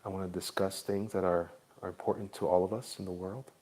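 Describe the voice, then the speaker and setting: A man's voice: deep voice, flat delivery, brisk, a little mellow. A man in Florida chatting casually with viewers on a livestream while he draws, laid-back and jokey. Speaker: livestream artist.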